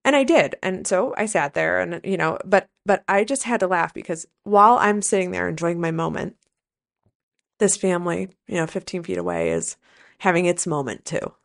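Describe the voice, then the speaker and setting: A woman's voice: lowish voice, expressive, moderate pace, vocal fry. A woman hosting a casual solo podcast, telling a rambling story in a candid, profane way. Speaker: podcast host, nurse and coach.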